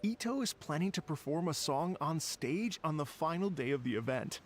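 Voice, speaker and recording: A man's voice: fairly high pitch, lively intonation, normal speed, natural voice. A man voicing a courteous festival organizer. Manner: courteous, slightly hesitant. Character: polite adult male event organizer. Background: game music.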